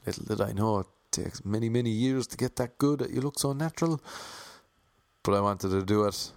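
Young irish guy telling funny audition stories, low voice, dry close sound, pokes fun at himself. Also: brisk, no echo. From Ireland. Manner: wry, self-deprecating, jumps into voices for quoted people. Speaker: aspiring comedic actor. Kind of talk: casual comic storytelling.

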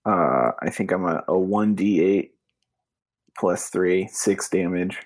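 A man playing in a tabletop game, talking in a hesitant, relaxed way. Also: deep voice, takes it slowly. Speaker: player.

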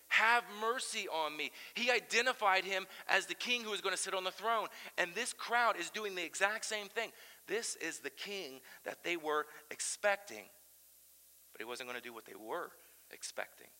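A man preaching a sermon as pastor, animated and swinging between loud emphasis and quiet intensity. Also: sits high, big-room sound, rough recording. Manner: animated preaching, chanting crowd shouts aloud.

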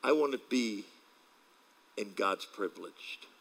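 A man's voice: fairly low pitch, lively intonation, slow, vocal fry, a bit bright, poor audio. A male pastor preaching a casual sermon, telling stories with acted quotes and laughing along as he talks.

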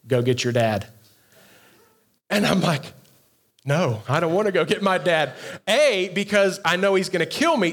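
A man, a pastor, telling a funny story in a youth sermon, animated and often laughing, with quick asides to his listeners. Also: on the high side.

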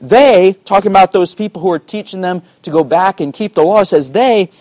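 A man's voice: sits high, moderate pace, a little mellow, dry recording. A man preaching a sermon as pastor of his church, earnest and conversational, with many "you know" asides.

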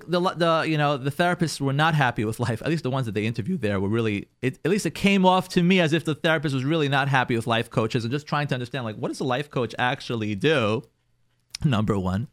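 Rabbi type, male, animated advice talk, high-ish, very lively pitch, dry close sound. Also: no room sound. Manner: animated, acts out spouses' complaints in quoted voices. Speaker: rabbi and marriage advisor. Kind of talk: radio-style advice talk.

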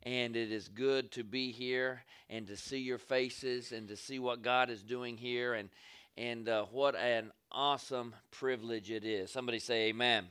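A man's voice: medium pitch, fairly even intonation, moderate pace, fairly bright tone, clean tone. A man, a guest pastor opening his sermon in a church, calling for amens from the congregation. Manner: call-and-response, asks for amens. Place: church sanctuary.

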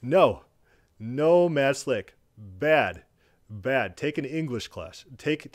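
A man giving reaction commentary in an indignant, emphatic way. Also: mid-range voice. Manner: indignant and emphatic, quick bursts.

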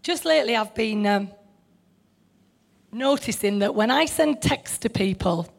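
A woman's voice: on the high side, lively intonation, unhurried, creaky. An older woman preaching an informal sermon, chatty, laughing often and putting questions to her listeners.

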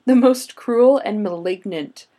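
A woman's voice: mid-range voice, takes it slowly, mellow. A woman chatting casually with friends and reading a folklore account aloud dramatically, often breaking into laughter.

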